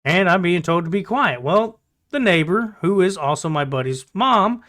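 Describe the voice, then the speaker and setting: Male vlogger, casual storyteller, high and bright, blunt and profane. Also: animated, moderate pace.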